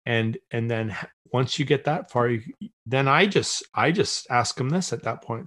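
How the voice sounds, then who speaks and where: A man's voice: mid-range voice, lively intonation, normal speed, fairly bright tone. A middle-aged man as a podcast guest, telling a story in casual conversation and acting out the voices he quotes, with many restarts.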